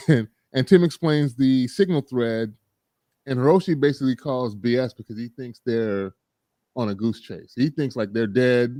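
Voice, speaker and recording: A man hosting a relaxed podcast chat, telling the story of an episode with lively energy and frequent laughter. His voice has a warm, mellow tone. The recording is dry and close. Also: medium pitch, moderate pace, dry recording. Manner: animated storytelling, laughs often. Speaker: podcast host recapping an episode. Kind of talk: casual chat.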